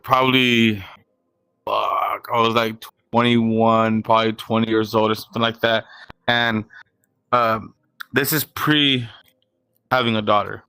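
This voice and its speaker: A man's voice: medium pitch, sharp tone, clear, resonant tone, no room sound, low-quality recording. A man co-hosting a podcast, telling a long, detailed, rambling story in casual chat. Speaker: podcast co-host.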